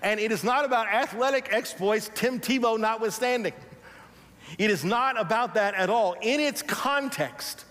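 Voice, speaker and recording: A male pastor with a notably high voice delivers a calm, reflective sermon. He poses gentle rhetorical questions and invites the congregation to repeat words with him. His voice rings out with the long reverb of a large hall. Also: normal speed. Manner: leads the congregation in call and response.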